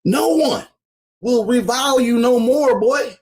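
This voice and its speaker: A man voicing a brash, loud older wife who hollers her support. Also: very high-pitched, a little slow, voice pushed up. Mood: bossy. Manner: hollering, brassy.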